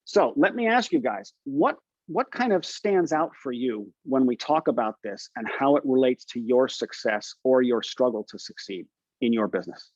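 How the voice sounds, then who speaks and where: A man's voice: medium pitch, animated, normal speed, a little mellow, no echo. Man coaching over a muffled call. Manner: encouraging, asks the group questions. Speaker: business coach leading a group call. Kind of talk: coaching session talk.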